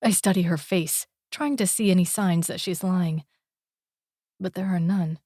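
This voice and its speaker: Slow, deliberate woman narrating an audiobook. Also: lowish voice, mellow, no room sound, clean studio sound. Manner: slow, deliberate, intimate reading. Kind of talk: first-person romance audiobook narration.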